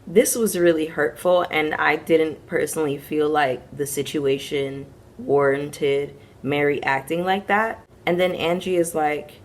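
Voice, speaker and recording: A woman's voice: sits low, fairly even intonation, moderate pace, few pauses. A woman hosting a casual reality TV recap, chatting frankly to her viewers and acting out the quotes as she retells each scene.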